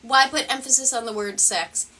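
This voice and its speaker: A woman's voice: a little high, normal speed, sharp tone, recorded from a distance. A woman hosting a reaction commentary video, sarcastic and rambling, swearing often.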